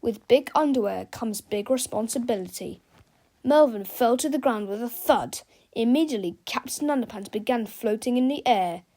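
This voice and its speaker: A woman's voice: on the high side, normal speed. Woman reading a kids' book aloud. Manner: lively, expressive reading. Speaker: children's book reader. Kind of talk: read-aloud storytelling.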